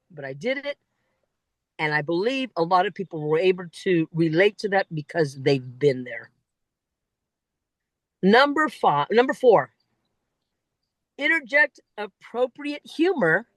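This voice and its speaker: A woman giving a lively talk that coaches speakers on winning a speech contest, with emphatic delivery and frequent asides. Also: no room sound, rough recording. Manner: animated, emphatic, swings pitch widely for emphasis.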